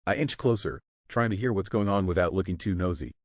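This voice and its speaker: A man's voice: low-pitched, brisk, no echo, clean studio sound. A man narrating a first-person story in a casual, sarcastic manner.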